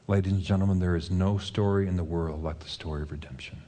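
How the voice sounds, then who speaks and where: Low, dark-voiced man preaching a sermon. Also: steady tone, quick pace, hardly any pauses. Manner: earnest storytelling, retelling a film scene with quoted lines. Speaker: pastor.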